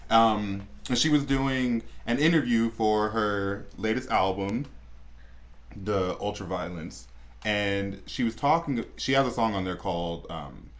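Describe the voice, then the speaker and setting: A man with a fairly low voice co-hosts a podcast, speaking unhurriedly. He dishes celebrity gossip in a blunt, sassy, crude style during a casual chat.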